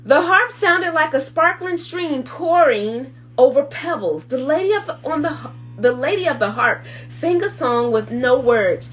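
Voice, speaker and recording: A woman hosting children's circle time, reading a storybook aloud slowly and expressively, hushed at calm moments. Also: high-pitched, low-quality recording.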